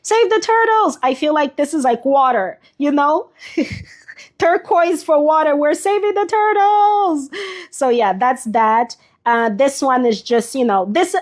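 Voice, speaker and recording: Woman, high voice, casual livestream host, chatty, slightly sniffly, talks to viewers by name. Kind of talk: casual live craft demonstration.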